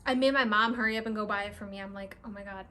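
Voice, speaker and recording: A young woman who runs a crystal shop, talking through her purchases in a casual, excitable vlog with lots of "like" and "really, really". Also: mid-range voice, rapid-fire. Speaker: crystal shop owner and vlogger. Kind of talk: casual show-and-tell vlog.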